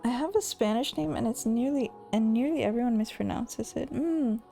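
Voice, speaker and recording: A woman's voice: on the high side, moderate pace, gravelly, mellow, soft background music. A young woman from the Philippines with an American accent, chatting playfully on a live stream, laughing often and swearing casually.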